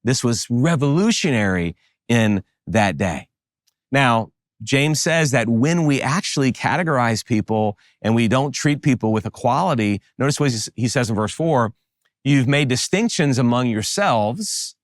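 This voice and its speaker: A middle-aged pastor from the New Orleans area with a Southern American accent, giving an animated sermon with emphatic rises. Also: male voice, mid-range voice, moderate pace, dry recording, clean studio sound.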